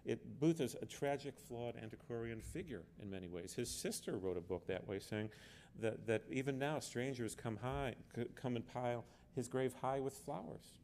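A man's voice: medium pitch, moderate pace, darkish tone, a little hiss or hum. A man speaking as an author on a book festival panel, earnest and emphatic, often repeating words as he goes. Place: book fair event.

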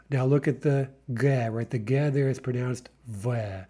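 A man's voice: medium pitch, unhurried, hardly any pauses, dark tone, breathy edge. A man teaching a recorded language lesson, explaining patiently and often checking in with "right?".

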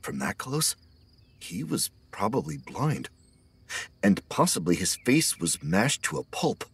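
A man narrating an audiobook horror story in a steady scripted reading. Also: fairly low pitch, a little slow, gravelly, slightly rough.

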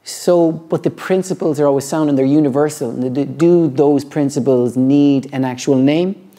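A middle-aged man, a yoga teacher, talking reflectively and earnestly about his practice, halting often and restarting his sentences. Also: a little high, dark tone. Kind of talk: reflective personal talk.

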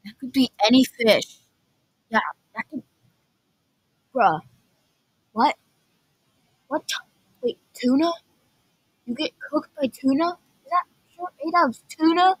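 A woman doing casual reaction commentary, breaking into quick incredulous outbursts. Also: sits high, dry recording, poor audio. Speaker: video reactor.

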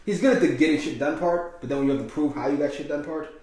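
A man's voice: fairly high pitch, quick pace, darkish tone. A man hosting a reaction video, chatting casually, laughing often and swearing. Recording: very echoey room.

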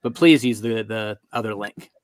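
A man hosting a casual livestream, relaxed and a little hesitant as he talks about helping a friend and explains donations. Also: lowish voice, normal speed, noisy background. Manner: relaxed, a bit hesitant, lots of uh and um. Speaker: livestream host.

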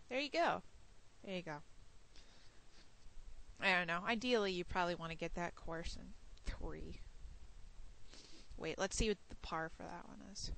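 A woman's voice: fairly low pitch, a bit bright, slight background noise, poor audio. A woman casually commentating her gameplay outdoors at night, muttering and swearing under her breath at missed shots. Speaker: let's play host.

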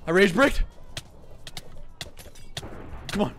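A man giving frantic, excitable live commentary over his own gameplay, swearing often. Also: medium pitch, normal speed, pauses often, soft background music. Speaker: gaming video creator.

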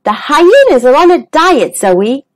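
A woman voicing a herd of calm adult zebras who speak patiently and reassuringly. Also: sits high, measured pace, voice pushed up.

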